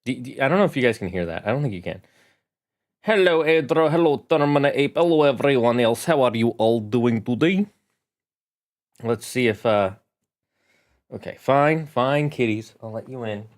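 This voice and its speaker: A man's voice: medium pitch, animated, moderate pace. A man, a game master, chatting casually on his live stream from his home room, with showy greetings and chatty asides.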